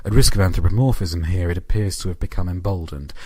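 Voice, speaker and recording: A man's voice: low-pitched, fast talker, mellow, breathy edge, no echo. A man narrating horror stories and chatting casually, with a dry, offhand delivery and some swearing. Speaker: narrator and channel host. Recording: music playing underneath.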